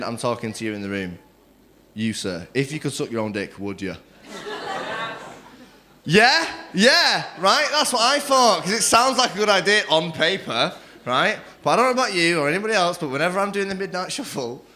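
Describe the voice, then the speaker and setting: A young man doing a crude, cheeky stand-up set on a comedy club stage, acting out other people in quick quoted voices. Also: on the high side, big pitch swings, sharp tone. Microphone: stage microphone.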